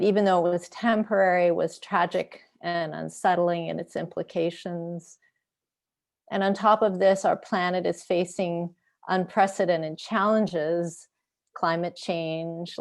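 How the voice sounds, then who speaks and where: A woman Buddhist teacher giving a slow, reflective dharma talk over an online video call, pausing often. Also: fairly low pitch, vocal fry, darkish tone. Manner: slow, reflective, with pauses and fillers.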